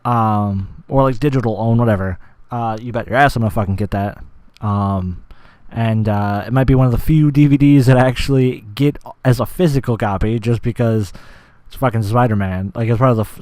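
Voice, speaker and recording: A man's voice: mid-range voice, warm tone, no room sound. A young man hosting a podcast, rambling enthusiastically in casual chat, with lots of fillers and swearing. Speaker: podcast host.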